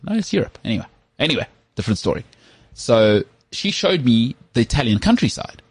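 A man hosting a casual podcast chat, telling rambling stories with lots of fillers and a husky voice. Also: mid-range voice, normal speed, no room sound. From South Africa. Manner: animated storyteller, rambling with many fillers. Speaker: podcast host.

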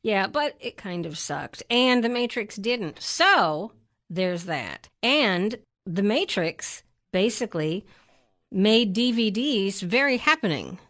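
A woman's voice: mid-range voice, animated, takes it slowly, a bit bright. A middle-aged woman co-hosting a casual chat, matter-of-fact and a bit insistent, with dry remarks.

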